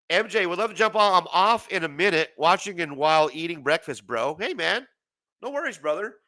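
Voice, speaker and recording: Male livestream host, bright and lively voice, tired and wearing thin, profane rambling rant, laughs often. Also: on the high side, fairly quick. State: voice failing, tired. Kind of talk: late-night livestream rant.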